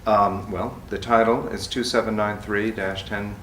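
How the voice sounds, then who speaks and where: A man poet calmly explaining his book project in a slow, measured way, then chanting long lists of words. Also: fairly low pitch. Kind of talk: talk and poetry reading. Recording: echoey room from far off, faint noise.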